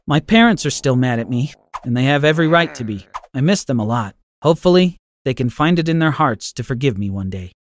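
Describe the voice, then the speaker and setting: A man's voice: medium pitch, animated, brisk, hardly any pauses, slight background noise. A man narrating an earnest first-person story in a scripted style.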